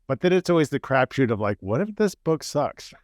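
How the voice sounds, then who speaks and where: A man's voice: mid-range voice, sing-song, a little fast, dry recording, studio quality. A man hosting an author interview on a video call, friendly and curious, often restarting his sentences. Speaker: podcast host and author. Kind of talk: casual interview chat.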